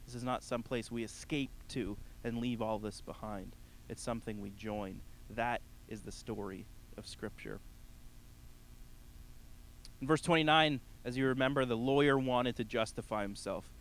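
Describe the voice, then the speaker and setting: A man's voice: medium pitch, normal speed, fairly bright tone, poor audio. A male pastor delivers a sermon to his congregation in an earnest, conversational voice. He climbs to emphatic peaks, then drops almost to a murmur. A faint hum sits beneath the recording. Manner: addresses the congregation directly.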